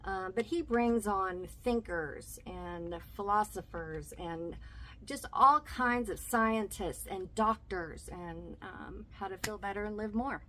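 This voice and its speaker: A middle-aged woman with a drawl chats casually to her viewers. She speaks slowly, pausing often on "um" and repeating phrases as she goes. A faint hum sits under her voice. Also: medium pitch, bright, forceful tone. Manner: hesitant, frequent ums, repeats phrases. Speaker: vlogger. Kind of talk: casual vlog talk recommending podcasts.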